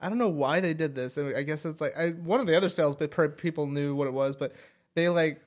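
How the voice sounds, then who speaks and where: Young man, slightly higher voice, podcast co-host, casual storytelling, laughs, trails off. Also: fast talker. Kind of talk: casual chat.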